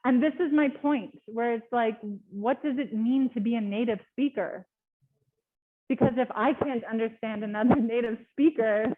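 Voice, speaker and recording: Woman, chatty webinar speaker, laughs often, somewhat high voice, tinny phone-like call audio. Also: unhurried. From Canada. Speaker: guest speaker. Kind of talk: casual webinar talk. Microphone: video call.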